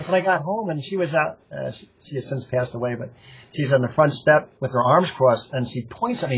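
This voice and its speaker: An older man, a longtime member of a running club, laughs often as he spins rambling, profane tales of his club days in a casual interview. His voice is on the high side, sing-song and fairly bright with a breathy edge, at a moderate pace.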